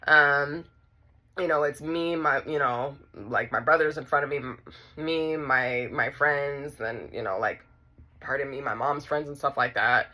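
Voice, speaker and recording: A woman recounts a personal story in a casual vlog, talking right to her audience. Her voice sits low but comes across bright and forceful. She tells it with lively, animated energy. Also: measured pace. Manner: animated, talks straight to viewers. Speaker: vlogger telling a personal story.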